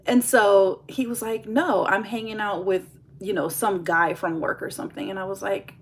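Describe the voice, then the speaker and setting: A woman's voice: mid-range voice, steady tone, normal speed, hardly any pauses. A young woman talks straight to her viewers in a casual get-ready-with-me vlog. Her voice sits in an ordinary mid range, candid and confessional. There is a faint hiss of noise behind her. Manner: candid, confessional, laughs while telling, addresses viewers as y'all. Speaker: vlogger.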